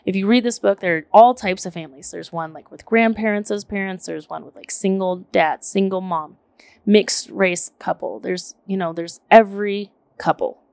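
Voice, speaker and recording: A woman in her thirties telling a story in casual chat, animated and emphatic, full of "like" and the odd curse word. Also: medium pitch, normal speed, vocal fry, no echo. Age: 30s.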